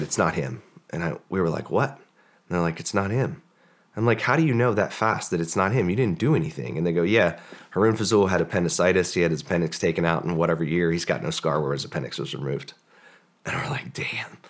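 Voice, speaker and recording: A man, a former special forces operator, telling a long story in a casual podcast interview, rambling with many fillers and acting out the dialogue. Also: a bass voice.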